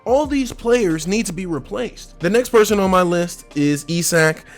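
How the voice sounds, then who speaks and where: A man hosting a casual football transfer talk, animated and slangy, laughing often and asking the fans questions directly. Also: sits high, measured pace, soft background music. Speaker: sports channel host.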